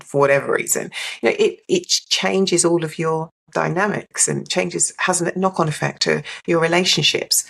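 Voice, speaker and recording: A woman with a low, creaky, husky voice shares a candid, reflective personal account as a podcast guest. She's open and thoughtful, and she mimics other people in a brighter voice.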